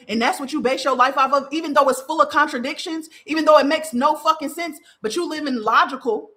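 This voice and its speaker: A woman's voice: high voice, a bit bright. A woman podcast host giving a spiritual monologue, fiery and profane, repeating phrases for emphasis.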